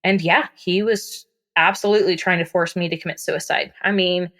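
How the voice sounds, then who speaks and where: A woman's voice: on the low side, fairly even intonation, moderate pace, fairly bright tone. A young woman guest on a podcast, candidly recounting a personal story in a casual way with many fillers.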